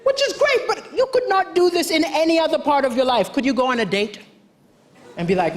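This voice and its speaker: A man from Malawi doing stand-up comedy on a talent show stage, telling punchy stories with acted dialogue and pauses for laughs. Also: very high voice, animated. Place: large theatre stage with audience. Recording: broadcast stage mic with crowd noise. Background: loud audience laughter and cheers.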